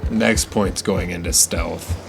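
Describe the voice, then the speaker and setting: Slow, low-voiced male game streamer. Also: fairly even intonation, vocal fry, noisy background. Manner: wry, self-mocking, jokey asides. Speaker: gaming streamer. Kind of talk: casual let's-play commentary.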